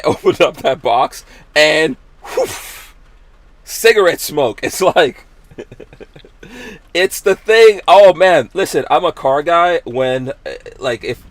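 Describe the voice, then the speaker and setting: A man's voice: a little high, unhurried, dry recording. A man hosting a podcast, chatting casually, laughing often and reading viewer comments aloud. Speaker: podcast host. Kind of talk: casual chat.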